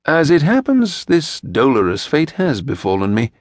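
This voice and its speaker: A man voicing a stern, fussy gentleman who speaks in a dry, clipped, pompous way. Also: medium pitch, wildly swooping pitch, normal speed, no echo. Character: stern, fussy tall gentleman rider, sardonic.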